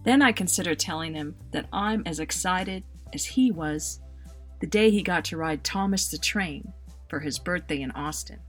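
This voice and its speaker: Woman writer, lowish husky voice, wry storyteller reading her own piece aloud. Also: normal speed, soft background music. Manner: wry, expressive, self-mocking humor. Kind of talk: personal storytelling read aloud.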